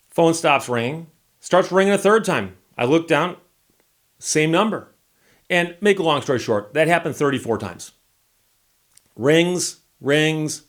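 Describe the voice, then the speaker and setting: A man's voice: a little high, a bit bright. A man, a lawyer hosting his own channel, telling a story in a casual, wry and exasperated way.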